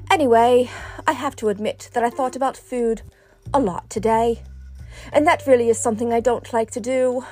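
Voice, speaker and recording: A middle-aged woman chats with a slightly high voice in a relaxed personal vlog and speaks straight to her viewers. She talks in a playful, self-mocking way. Soft music plays faintly behind her. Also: normal speed. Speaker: vlogger. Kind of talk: chatty personal vlog monologue.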